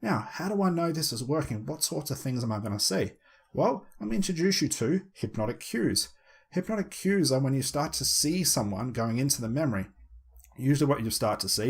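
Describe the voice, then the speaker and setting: A man teaching conversational hypnosis, explaining steps and demonstrating a slow, soothing hypnotic tone with lots of repetition. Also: medium pitch, breathy edge. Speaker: hypnosis trainer. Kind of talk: instructional talk with spoken demonstrations.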